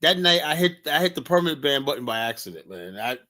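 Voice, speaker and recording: Guy hosting a call-in stream, kinda high voice, rambles and jokes around. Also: sing-song, fast talker, crowd noise. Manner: rambling, restarts, joking. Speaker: show host. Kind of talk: casual livestream debate.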